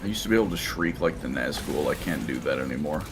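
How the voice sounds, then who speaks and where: A man's voice: a bass voice, expressive, fast talker, over music. A man in a casual stream chat, wry and sardonic, spinning stories.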